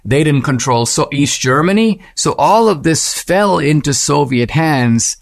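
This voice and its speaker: Measured male commentator with dry, close sound. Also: expressive, dry recording. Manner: measured, reflective delivery with slow emphatic phrases; mimics a Western voice when reading quotes, rising high. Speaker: podcast host. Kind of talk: commentary reading quoted passages.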